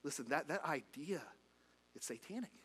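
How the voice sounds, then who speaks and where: A man's voice: fairly high pitch, expressive, moderate pace, fairly bright tone, slightly rough. A male pastor preaching a sermon in a casual way, often asking "okay?" and acting out what the people in the story say. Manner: conversational preaching, frequent "okay?" check-ins, acts out quotes. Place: church sanctuary.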